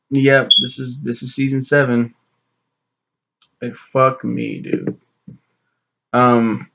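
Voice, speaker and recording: Gravelly young man ranting about TV. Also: medium pitch, highs cut off. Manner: rambling, profane, animated retelling. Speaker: TV reviewer. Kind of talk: casual spoken review.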